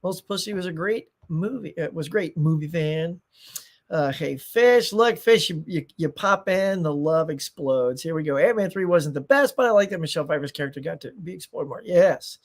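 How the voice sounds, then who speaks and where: A man's voice: a little high, animated, moderate pace. A middle-aged man hosting a live stream in casual chat, rambling, reading viewer comments aloud and tossing in playful asides. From United States.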